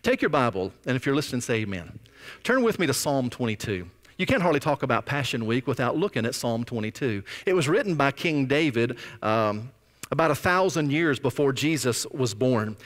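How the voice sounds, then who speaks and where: Animated preaching man in a reverberant church. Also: mid-range voice, brisk. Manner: dramatic preaching with sudden rises and drops in volume. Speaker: pastor. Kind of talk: sermon. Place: church sanctuary. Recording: long reverb of a church sanctuary.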